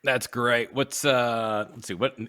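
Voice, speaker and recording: A man's voice: mid-range voice, fairly even intonation, bright, forceful tone, clean tone. A man hosting a casual interview, prompting his guest and reacting to the stories. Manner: friendly, quick prompts, moves on to the next picture. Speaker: interview host.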